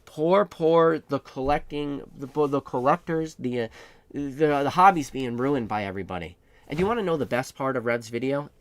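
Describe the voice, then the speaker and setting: A man's voice: medium pitch, animated, moderate pace. A young man hosting a trading card investing channel, ranting sarcastically and firing off mocking rhetorical questions. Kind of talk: ranting monologue.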